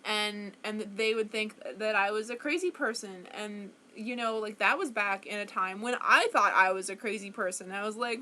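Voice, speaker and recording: A woman's voice: mid-range voice, moderate pace, few pauses, pushed and bright. A young woman talking to camera at home in a rambling, self-conscious way, full of restarts and fillers. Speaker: vlogger. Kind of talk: casual monologue to camera.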